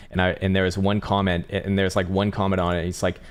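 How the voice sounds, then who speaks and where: A man with a low voice talks quickly through live market charts. He rambles, restarts his sentences and swears casually, like an easygoing streamer. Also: level tone. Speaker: crypto chart analyst and livestream host.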